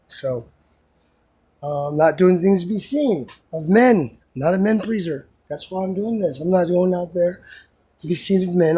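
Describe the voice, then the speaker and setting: A man's voice: high-pitched, a little mellow, slightly rough. A man vlogging in a rambling, unscripted monologue, intense and full of swearing.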